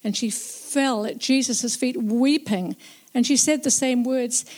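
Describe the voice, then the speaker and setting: A woman narrating a Bible story as a first-person witness, slow, reflective and earnest. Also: fairly high pitch, a little mellow.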